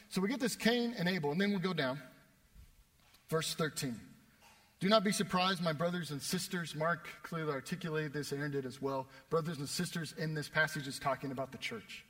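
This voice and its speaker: Animated young male preacher, echoing hall. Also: fairly high pitch. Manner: animated, self-deprecating storyteller. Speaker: pastor. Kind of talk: sermon with personal storytelling. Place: church worship space. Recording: long reverb of a church hall.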